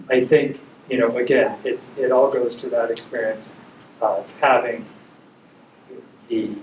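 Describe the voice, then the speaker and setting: A man's voice: medium pitch, darkish tone. A man speaks at a ceremony in a loose, conversational way, working through a story with small restarts. He is picked up from some distance in an echoey hall. A faint hum of room ambience sits underneath. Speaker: ceremony speaker, chiropractic doctor. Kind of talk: speech at a pinning ceremony. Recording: echoey hall, far from the mic.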